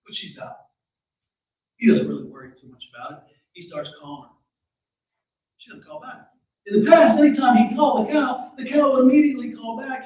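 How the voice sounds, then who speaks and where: A man telling a folksy story aloud at a library event, with chatty asides to his listeners. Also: high-pitched. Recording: very echoey room, distant mic.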